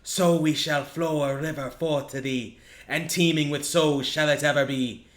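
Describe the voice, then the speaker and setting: A man's voice: fairly high pitch, fairly even intonation, a bit bright. Man, solemn prayer recitation, film clip, roomy sound. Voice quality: solemn, measured incantation.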